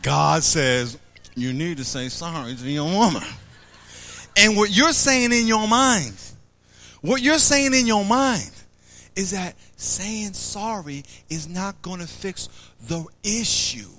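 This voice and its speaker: A man's voice: high voice, takes it slowly, slight background noise. A man preaching a sermon to a live audience, acting out little scenes, repeating himself and quizzing the crowd. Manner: animated, acts out little scenes and quotes.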